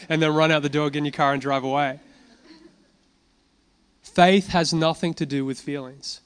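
A man's voice: on the high side, normal speed, clean tone. A man preaching a sermon, telling a healing testimony with casual asides and laughter. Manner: animated storytelling, casual asides.

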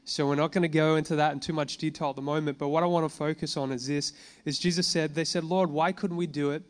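A man preaching to a congregation, reading scripture slowly and then explaining it in a relaxed conversational way, with fillers and questions to the room. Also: a little high. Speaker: pastor. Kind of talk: sermon. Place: church gathering addressing a congregation.

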